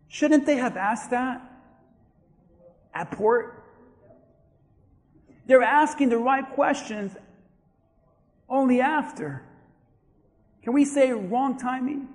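A male pastor preaching a sermon, swinging between shouted emphasis and quiet asides. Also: extremely high pitch, animated, takes it slowly, long pauses, long reverb tail.

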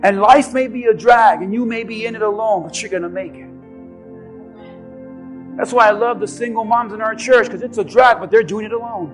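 A man preaching a sermon as pastor, building from quiet, low passages to impassioned shouting and leading an altar call. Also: a little fast, soft background music. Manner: impassioned, rising to shouts then dropping low.

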